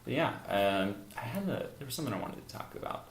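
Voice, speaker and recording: A young man co-hosting a casual podcast, chatty and musing, quick to laugh. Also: mid-range voice, vocal fry, roomy sound, noisy background. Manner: animated, laughs easily, musing. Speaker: podcast co-host. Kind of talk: casual chat.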